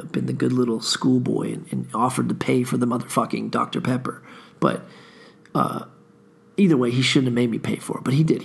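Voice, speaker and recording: Gravelly, husky-voiced tired man. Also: medium pitch. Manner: profane, laid-back storytelling. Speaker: podcast host. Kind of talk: casual rambling monologue.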